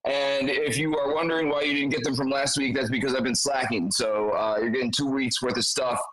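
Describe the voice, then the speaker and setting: A man's voice: mid-range voice, flat delivery, fairly quick, fairly bright tone, poor audio. A man hosting a casual livestream meetup, laid-back and slangy, thanking guests and rambling with many fillers. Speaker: host.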